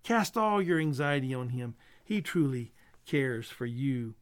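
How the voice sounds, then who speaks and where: A man preaching a sermon and leading a prayer in an earnest, measured way, growing soft and quiet at the ends of his points. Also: mid-range voice, lively intonation, smooth, no room sound.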